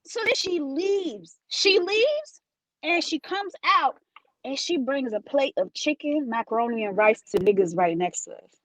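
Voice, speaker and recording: A woman who co-hosts a podcast and works as a blogger, telling a story in an expressive, sassy way. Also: sits high, measured pace, dry recording, poor audio. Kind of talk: casual chat.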